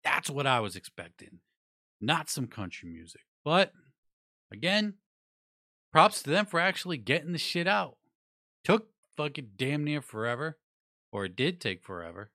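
Casting note: male vlogger, fairly high bright voice, blunt and profane, rambling delivery. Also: very animated, normal speed, pauses often, no room sound, clean studio sound. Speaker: music news vlogger. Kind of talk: casual opinionated review.

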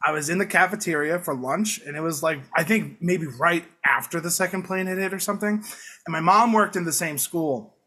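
A young man from Long Island in his late twenties, chatting casually on a podcast. His voice sits high and bright with a husky edge, and he tells stories in a loose, rambling way, chuckling as he goes. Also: a little fast. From Long Island, New York. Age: late 20s. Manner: rambling storyteller, laughs through his lines. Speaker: podcast guest. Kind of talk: casual chat.

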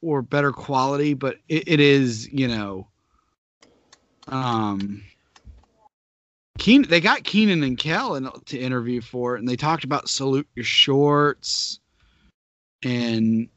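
A man in his thirties co-hosting a casual chat, relaxed and hesitant, trailing off with fillers, in a dull, muffled recording. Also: medium pitch, slow, long pauses, no echo.

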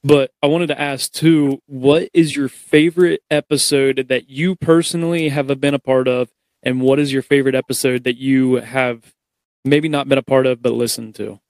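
A man's voice: medium pitch, fairly even intonation, normal speed, a little mellow, no room sound. A man hosting a podcast, chatting casually and telling stories with quoted asides. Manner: loose storytelling with quoted asides. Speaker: podcast host. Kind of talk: casual chat.

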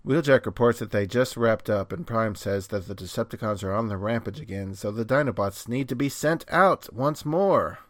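A man's voice: on the low side, moderate pace, few pauses, no room sound, clean studio sound. A man co-hosting a podcast, recapping an episode in a casual, wry way. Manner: wry, narrates plot in detail. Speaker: podcast co-host.

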